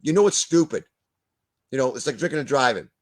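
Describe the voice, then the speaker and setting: A man's voice: medium pitch, lively intonation, brisk. An older man, ranting bluntly as a guest in a video-call discussion, swearing and stumbling over repeated words. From Canada.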